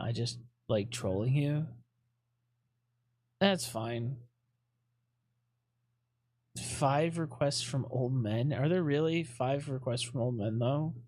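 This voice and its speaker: A man's voice: mid-range voice, darkish tone, no room sound. A man chatting casually on a live stream, rambling with lots of fillers, swearing often and fidgeting restlessly.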